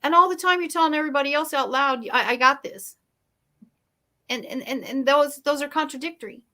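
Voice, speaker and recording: A woman's voice: high voice, fast talker, sharp tone. A woman speaking as a guest in a motivational interview, emphatic and storytelling. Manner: emphatic, storytelling, shifts pace for effect.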